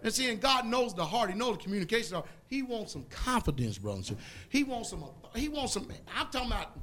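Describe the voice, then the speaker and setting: A man preaching a sermon in a folksy, emphatic way, drawing call-and-response from the congregation and rising to loud outbursts. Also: sits high, big pitch swings, fast talker.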